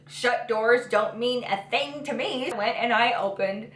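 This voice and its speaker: A young woman with a high, bright voice tells a storytime to her viewers. She is animated and profane and acts out every twist dramatically. The room around her sounds echoey. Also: a little slow. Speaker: vlogger. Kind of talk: storytime vlog.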